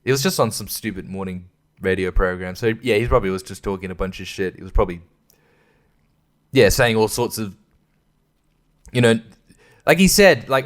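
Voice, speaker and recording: A man's voice: fairly low pitch, animated, normal speed, long pauses. Rambling, cursing Australian man. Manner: profane, rambling, stumbling restarts. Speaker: podcast host. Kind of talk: casual solo rant.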